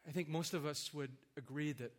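A man preaching a sermon in an earnest, reflective way, building in force and then softening. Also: a little high, fairly quick.

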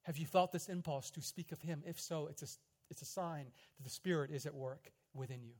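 A man preaching a sermon, telling a story dramatically, swelling loud and then dropping quiet. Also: fairly high pitch, fairly quick. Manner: dramatic storytelling, rising loud in quoted prayers and dropping soft. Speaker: pastor.

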